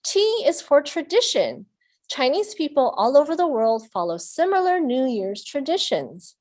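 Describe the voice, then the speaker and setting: A woman's voice: sits high, big pitch swings, moderate pace, darkish tone. A woman leading a children's storytime, reading aloud and playfully making animal sounds with the kids. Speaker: children's librarian.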